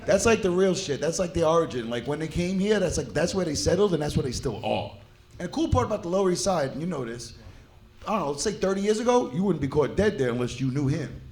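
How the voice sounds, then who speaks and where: A man doing profane, animated stand-up crowd work on a club stage. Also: on the high side, fast talker. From New York. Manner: brash, profane, animated banter with audience. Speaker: stand-up comedian.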